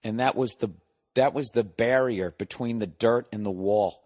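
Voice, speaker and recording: A comedian hosting a podcast, telling a long profane story in a casual monologue, exasperated and sarcastic. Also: male voice, lowish voice, moderate pace, a little mellow.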